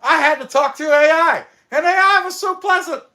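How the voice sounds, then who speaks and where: Man, very high voice, bright, rambling joking host, casual monologue. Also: moderate pace. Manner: rambling, wisecracking. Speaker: woodcarving channel host.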